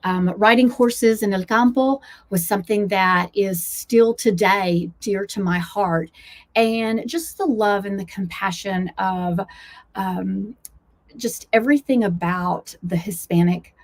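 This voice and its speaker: A woman's voice: medium pitch, slow. Southern American woman, earnest wellness coach. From United States, Blue Ridge foothills. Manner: earnest, motivational, with frequent fillers. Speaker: wellness coach and travel host. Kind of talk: casual talking-head vlog. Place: outdoors, aircraft overhead.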